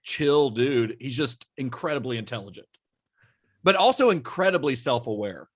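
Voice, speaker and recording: A man hosting a casual film podcast. His voice is mid-pitched and relaxed, and he breaks into easy laughter while he explains. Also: moderate pace. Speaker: podcast host.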